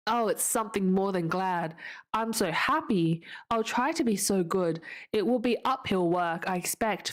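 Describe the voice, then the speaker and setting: A woman voicing an eager, emotional orphan girl who pleads in a high, breathless voice. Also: close to an everyday voice.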